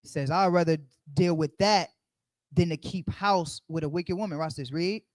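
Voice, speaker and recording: A man's voice: on the high side, normal speed, no echo. A man leading a Bible study, preaching conversationally and emphatically, repeating his key phrases as he speaks straight to the group.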